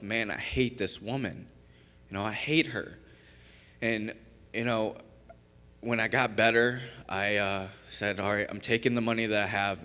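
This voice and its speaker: A man's voice: on the low side, fairly bright tone. Young man telling his story in a church. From Kentucky. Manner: candid, conversational storytelling with frequent fillers and self-interruptions. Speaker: recovery program graduate giving testimony. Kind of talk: personal testimony in a church service. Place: church sanctuary. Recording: long reverb of a large church.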